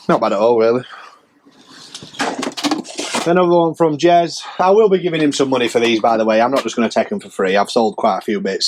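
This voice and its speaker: A man's voice: mid-range voice, a little mellow. Bloke chatting thru his sales, rambly and jokey, bit of hiss behind. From England. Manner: chatty, self-mocking, rambling with restarts. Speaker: reseller vlogger. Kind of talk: casual rambling sales update.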